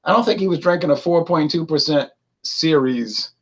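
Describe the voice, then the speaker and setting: A man's voice: fairly high pitch, moderate pace, husky. A man reviewing beer in a casual, chatty way, laughing often and reading out viewer comments to his live audience.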